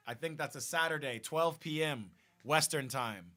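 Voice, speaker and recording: Man, live-stream host, fast restarts, bright forceful tone. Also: on the high side. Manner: excitable, repeats and restarts, talks to viewers directly. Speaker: host of a football watch party stream. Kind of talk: casual live-stream chat.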